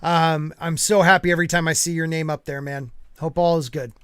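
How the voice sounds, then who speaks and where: A man's voice: a little high, fairly even intonation, fairly quick, a bit bright, clean tone, dry recording, clean studio sound. A man hosting a podcast in casual chat. He talks loosely, with lots of asides and fillers. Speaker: podcast host.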